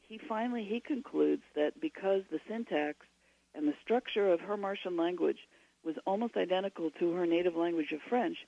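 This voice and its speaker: A woman's voice: on the low side, moderate pace, gravelly, dry recording, muffled recording. A woman, a guest author on a radio interview, giving long and digressive explanations.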